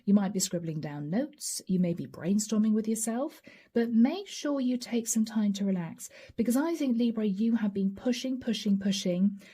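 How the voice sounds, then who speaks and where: A woman giving a channeled tarot reading to camera, gentle and encouraging, speaking straight to her viewers and breaking into soft laughs. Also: mid-range voice, normal speed, husky. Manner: often breaks into light laughs and soft asides. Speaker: tarot reader.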